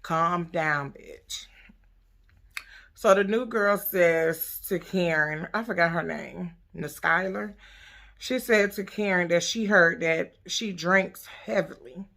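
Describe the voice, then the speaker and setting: Vlogger woman, gravelly low voice, loud profane sass, quick retorts. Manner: profane, sassy, animated storytelling. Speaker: YouTube recap host. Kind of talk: casual reality TV recap.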